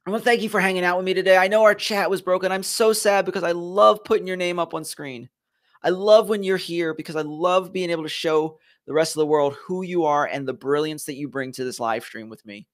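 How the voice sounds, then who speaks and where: A man from Philadelphia hosting a motivational live stream, speaking earnestly and with emphasis straight to his viewers. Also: high voice. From Philadelphia, USA. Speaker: host of a leadership live stream.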